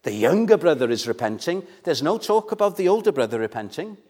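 A man preaching a sermon in a church, earnest and measured, pressing his points with questions to the congregation. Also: fairly high pitch, big pitch swings, a little mellow.

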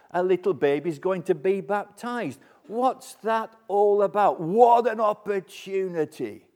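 A man's voice: on the high side, darkish tone. A man preaching an evening sermon, earnest and emphatic, repeating key phrases for weight.

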